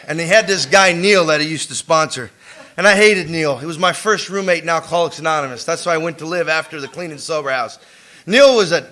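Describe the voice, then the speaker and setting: High, bright-voiced man telling a slangy story. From United States. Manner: streetwise storytelling, slangy and swearing; animated, acts out quotes with laughter. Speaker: AA speaker. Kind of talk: recovery meeting talk. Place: meeting room before an audience.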